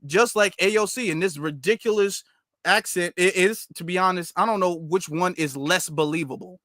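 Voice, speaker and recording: A man hosting casual commentary in an animated, slangy, mocking way. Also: sits high, normal speed, dry recording, clean studio sound. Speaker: commentary channel host.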